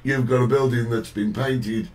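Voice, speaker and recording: A man's voice: mid-range voice, fairly even intonation, moderate pace, darkish tone, far from the mic, low-quality recording. A man hosting a casual talk show, chatting and reading out viewer greetings. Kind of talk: casual chat.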